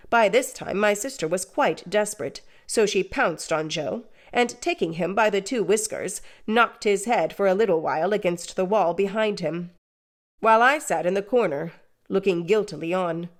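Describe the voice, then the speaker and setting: Woman narrator, measured and even, reading a classic novel aloud. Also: mid-range voice. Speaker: audiobook narrator. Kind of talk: scripted narration.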